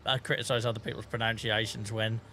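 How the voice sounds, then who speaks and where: A man's voice: lowish voice, level tone, fast talker, pushed and bright, a little hiss or hum. A man with a Norfolk accent chatting casually with his live-stream chat while playing, laughing often and reading out messages. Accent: Norfolk English. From England. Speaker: game streamer.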